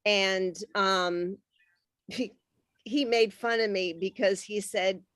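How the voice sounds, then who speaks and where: A woman's voice: mid-range voice, steady tone, slow pace, a bit bright, dry recording. A woman panelist chatting and telling stories with easy laughter. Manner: chatty storyteller, laughs easily. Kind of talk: panel discussion.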